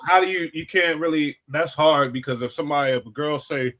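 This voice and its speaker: A man's voice: a little high, fairly quick, a crowd in the background. A man on a casual reaction panel, giving blunt, slangy advice.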